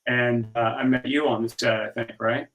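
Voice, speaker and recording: A middle-aged man guesting on a video call, easygoing and chatty, acting out bits of old conversations as he recounts them. His voice comes across from a bit back from the mic, with a mid-range pitch. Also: little pitch movement, normal speed, fairly bright tone, far from the mic, poor audio. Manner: easygoing storyteller, acts out dialogue. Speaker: actor guest. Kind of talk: casual interview chat.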